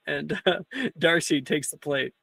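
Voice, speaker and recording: A man's voice: a little high, gravelly, no room sound. A man narrating a tabletop game as game master in a loose, casual way, often breaking into laughter.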